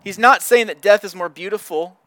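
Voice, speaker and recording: High-voiced pastor preaching earnestly. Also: male voice, fairly quick, sharp tone, dry recording. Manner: earnest, repeats words while searching for phrasing. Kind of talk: sermon.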